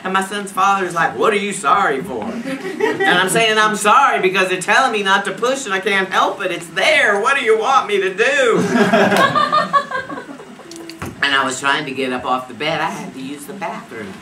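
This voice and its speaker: An actress playing a streetwise young woman in a stage monologue, animated and laughing as she acts out the people in her story. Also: sits low, brisk, distant mic. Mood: amused, lively. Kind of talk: stage monologue based on an interview. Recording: echoey stage recorded from afar, steady noise.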